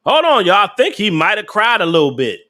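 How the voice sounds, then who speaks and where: A man's voice: sits high, sing-song, a little fast, pushed and bright, a little hiss or hum. A young adult man, casually ranting on a live stream, blunt and profane, laughing often and talking back to his chat.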